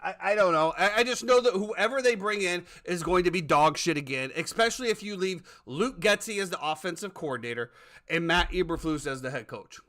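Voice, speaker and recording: A man's voice: high-pitched, lively intonation, brisk, sharp tone. A man hosting a casual sports talk podcast, ranting with plenty of profanity. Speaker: podcast host.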